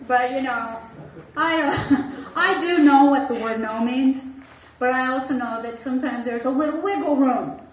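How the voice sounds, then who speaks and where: Speaking slowly with long pauses, this woman has a high, slightly bright voice. She's a therapist opening up frankly to an audience about her life, laughing a lot and performing the voices she quotes. The sound is lo-fi and dull, captured at a distance in a reverberant room.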